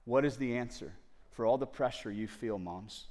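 Male preacher at a church service, mid-pitched, moves between soft hushed lines and raised, urgent appeals. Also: normal speed. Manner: swings from hushed tender asides to loud pleading; addresses the audience directly. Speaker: pastor. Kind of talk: sermon. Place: church service before a congregation.

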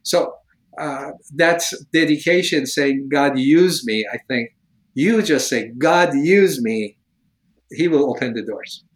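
A man's voice: medium pitch, measured pace, poor audio. A man from Iran, telling his personal testimony in an interview in earnest, emotional, slightly broken English. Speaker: evangelist guest.

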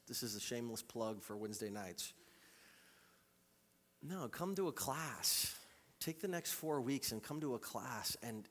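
A man preaching a sermon as a pastor, swinging from loud, urgent calls to quiet, intimate passages and repeating phrases for emphasis. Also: mid-range voice. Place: church sanctuary. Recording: live church recording with long hall reverb.

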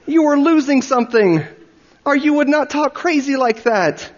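A man's voice: very high voice, lively intonation, moderate pace, pitched above the performer's own voice. A man putting on a pleading old island chief. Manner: gentle, imploring tone. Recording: dull recording with long reverb.

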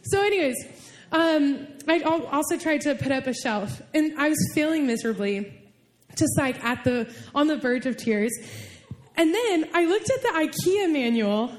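A woman's voice: high-pitched, lively intonation, moderate pace. A young woman giving a casual, emotional sermon, telling personal stories in a chatty way full of "like"s. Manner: chatty, many "like"s, emotional storytelling. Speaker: preacher.

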